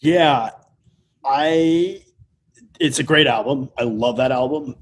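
A man hosting a casual podcast chat about music, enthusiastic and quick to agree. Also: medium pitch, slightly rough.

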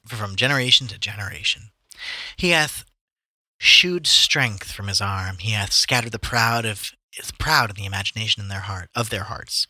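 A man's voice: on the low side, sharp tone, no room sound. A man casually reading Bible verses aloud to friends in a joking chat, with a mock-solemn cadence. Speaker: co-host reading scripture aloud.

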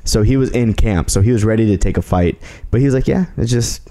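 Young man, low-pitched, mellow, loose rambling podcast chat. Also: fast talker. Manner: loose, rambling, lots of fillers. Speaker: podcast host. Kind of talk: casual chat.

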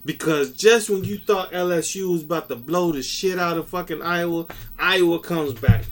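A man co-hosting a casual wrestling podcast, ranting in an animated, profane and excitable way. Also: on the high side, normal speed. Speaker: podcast co-host.

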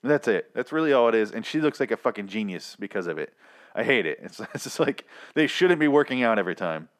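A man's voice: fairly low pitch, expressive, quick pace. A young man hosting a casual solo recap of a TV episode, rambling and joking, mocking the characters in put-on voices. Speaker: podcast host recapping a TV episode.

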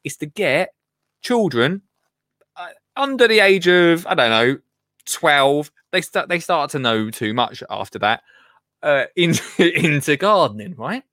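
A man's voice: fairly high pitch, animated, measured pace, a bit bright, no echo. Man, from England, live show host, casual rambling chat, mutters asides, dry close sound. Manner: chatty, rambling, laughs often, drops to mutters.

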